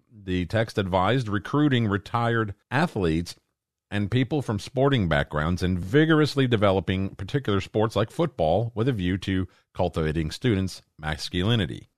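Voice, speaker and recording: A man's voice: on the low side, no room sound. A man co-hosting a podcast who cracks dry jokes and reads news items aloud in casual chat. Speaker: podcast co-host. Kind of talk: casual opinion talk.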